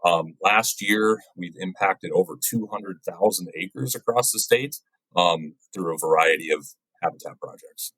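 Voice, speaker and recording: A man with a low, husky voice answers questions as a podcast guest, explaining his work in an easygoing, conversational way. His sound is dry and close, with no room around it, and he often checks in with a quick "right?". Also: no room sound, rough recording. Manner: relaxed, often ends points with "right?". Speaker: guest, wildlife biologist. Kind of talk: casual interview chat.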